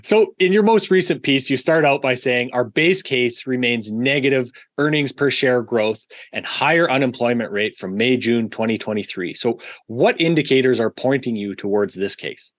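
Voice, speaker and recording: A man hosts an interview podcast with a friendly, easygoing manner. His voice sits in a middle register, and the recording is close and dry. He pauses and restarts now and then as he gathers his thoughts. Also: mid-range voice, a bit bright, no echo. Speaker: podcast host. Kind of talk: conversational interview hosting.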